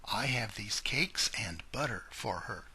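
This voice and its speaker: A man voicing a polite, dutiful little girl in a storybook, speaking higher than his own voice. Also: lively intonation, measured pace, pushed and bright, breathy edge, exaggerated voice. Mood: earnest.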